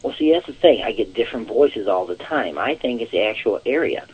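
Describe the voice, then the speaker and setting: A man on a muffled, lo-fi line tells his story in a loose, rambling way, stacking up restarts and repeating the same words. His voice sits at a middle pitch with a husky edge. He talks casually, like an interview guest. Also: lively intonation, fairly quick. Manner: rambling, repeats "actual" often. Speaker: psychic guest.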